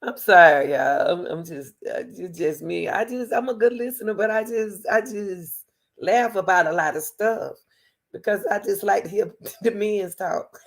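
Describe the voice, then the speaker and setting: A woman's voice: medium pitch, moderate pace. A woman, hosting her channel and talking casually to camera, playful and teasing, laughing often and calling people baby and sweetie. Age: 60s. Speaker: channel host.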